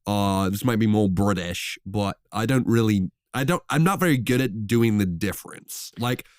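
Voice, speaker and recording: A man's voice: on the low side, moderate pace, no room sound, studio quality, natural voice. A man putting on a playful Australian-sounding accent as a joke, unsure whether it comes out British or Australian. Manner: joking, unsure of his own accent.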